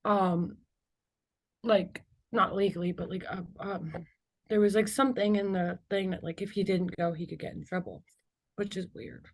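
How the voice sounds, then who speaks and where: A young woman, an interview guest, telling a personal story in halting speech full of "like" and "you know", with nervous laughs between emotional moments. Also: mid-range voice, fairly even intonation.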